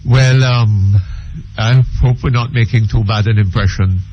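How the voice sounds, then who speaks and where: Man hosting talk radio, unhurried, full of ums, dull lo-fi broadcast. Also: on the low side, background noise. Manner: unhurried, hesitant, lots of ums. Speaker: radio talk show host.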